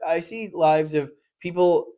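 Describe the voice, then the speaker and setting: A young man in casual podcast chat with a somewhat high voice. He rambles through stories full of fillers and restarts. When he quotes people, he bursts into loud, lively impressions. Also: a little slow. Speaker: podcast co-host.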